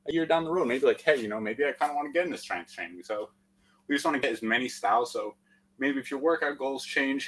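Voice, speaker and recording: This fitness instructor's voice is mid-range, husky, and fairly bright, heard on a low-quality recording. Panting after a workout, he leads a live stream with countdowns, words of encouragement, and filler-heavy chatter.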